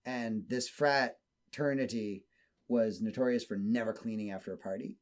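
A man's voice: lowish voice, normal speed. A man telling a long story in a casual chat, swearing freely and acting out what people said. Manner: profane, animated storyteller who acts out quotes.

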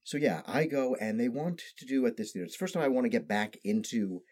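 A man's voice: mid-range voice, lively intonation, quick pace, a little mellow. A man in his thirties, a podcast guest, telling stories in a precise, carefully placed way of speaking with no regional accent. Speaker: podcast guest, improv actor. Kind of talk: casual storytelling chat.

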